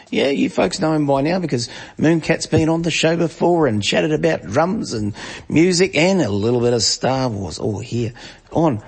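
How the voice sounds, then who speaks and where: An Australian man hosts a casual podcast chat, his voice a little husky. He talks in a lively, joking way, loaded with local slang. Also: a little high. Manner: lively, jokey, Aussie slang. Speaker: podcast host.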